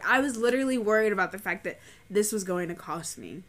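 Young woman co-host, animated and profane, crisp bright tone. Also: mid-range voice, fast. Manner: animated storytelling, swears freely. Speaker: podcast co-host. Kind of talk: casual chat.

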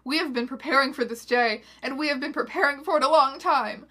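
A woman voicing a self-righteous old male reverend who declaims loudly and indignantly. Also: high-pitched, brisk.

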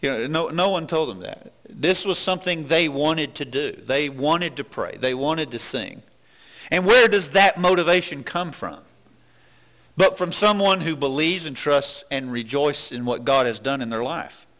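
A man preaching a sermon. His voice sits a little high and sounds bright and forceful. He is earnest and questioning, restarts often, and drops low when he acts out doubtful thoughts. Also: measured pace.

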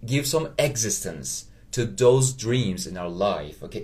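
A man with a Persian accent, a native Persian speaker, hosting a motivational solo podcast in English, earnest and halting, often checking in with "okay?". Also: on the low side, big pitch swings, darkish tone. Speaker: podcast host.

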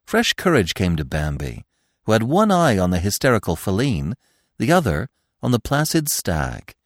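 A man's voice: lowish voice, wildly swooping pitch, moderate pace, no echo, clean studio sound. A man narrating a classic children's story expressively as a podcast host. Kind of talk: audiobook narration.

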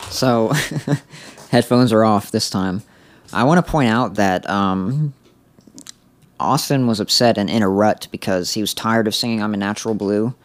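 A man hosting a comedy podcast, chatting casually and laughing often between halting, filler-laden remarks. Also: on the low side. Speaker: podcast host.

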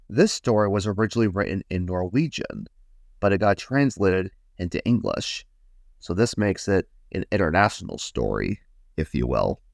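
Low, lively male storyteller. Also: vocal fry, no room sound, clean studio sound. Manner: gentle, slow, guiding listeners. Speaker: host and storyteller. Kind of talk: children's story reading.

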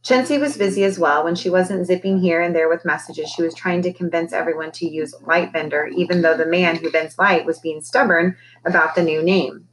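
A woman teacher reading a children's novel aloud to her class in a calm, steady storytelling voice. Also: lowish voice, a little fast, hardly any pauses, slight background noise, poor audio.

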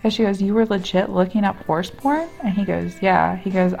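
A woman's voice: medium pitch, normal speed, gravelly, few pauses, soft background music. Laughing woman telling a wild story. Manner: animated storyteller acting out quoted people, laughing often. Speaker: podcast co-host. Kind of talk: casual storytelling chat.

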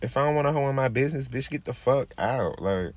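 Talking fast and animatedly with no echo, this young man in his twenties rants on his podcast in a brash, profane, loose style. His voice turns low and laid-back as he rolls a blunt.

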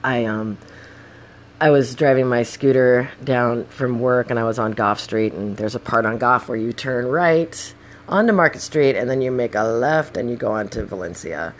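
A young woman telling a casual story full of swearing, acting out the shouting. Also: a bass voice, moderate pace. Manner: profane, animated, acts out the shouting.

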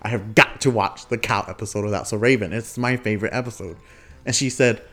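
A man's voice: on the low side, steady tone, fast, fairly bright tone. A young adult man hosting a podcast, telling a childhood story casually, laughing often and acting out quotes. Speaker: podcast host.

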